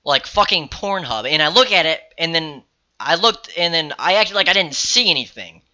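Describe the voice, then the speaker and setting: A man's voice: fairly high pitch, lively intonation, moderate pace, sharp tone. A young man telling a story in a casual vlog, rambling, swearing freely and correcting himself as he goes. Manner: rambling, profane, self-correcting. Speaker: vlogger.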